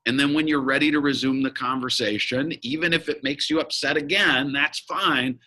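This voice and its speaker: Male guest, business coach; intense bright tone, blunt and emphatic delivery. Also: mid-range voice, steady tone, moderate pace, rough recording. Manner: emphatic, frank, blunt with occasional swearing. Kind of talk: candid interview conversation.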